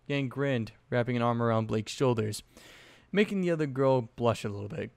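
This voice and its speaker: Reading fanfiction aloud, a young man keeps things casual and offhand, breaking in with sweary comments. He speaks fairly quickly in an even, mid-pitched voice, and the close recording has no echo.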